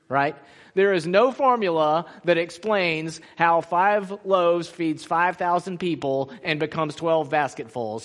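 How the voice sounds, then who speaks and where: A man preaching a sermon as pastor, animated, acting out the people he quotes and laughing often. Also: fairly high pitch, long reverb tail. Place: church sanctuary.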